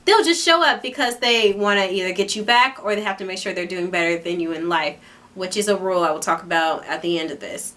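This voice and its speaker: A woman's voice: on the low side, a little fast, fairly bright tone. A young woman chatting playfully to camera as a vlogger, acting out quoted lines as she goes. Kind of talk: casual chat to camera.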